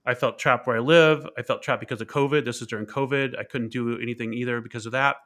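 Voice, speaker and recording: Interview guest, man, bright and forceful tone, candid and reflective storytelling, frequent fillers and repeated words. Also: mid-range voice, fairly even intonation, fast talker. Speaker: keynote speaker and author being interviewed.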